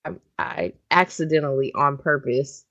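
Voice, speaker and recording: A woman in her thirties co-hosting a podcast, telling a story in casual chat and jumping her pitch to act out what others said. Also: normal speed, creaky, dull audio, background noise. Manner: animated, acts out quotes with big pitch jumps. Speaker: podcast co-host.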